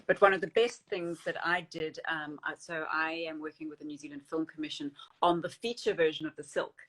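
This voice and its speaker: A woman's voice: deep voice, steady tone, fairly quick, a bit bright. A middle-aged woman, a guest in a casual interview who talks with many fillers and restarts. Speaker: actress and screenwriter, interview guest.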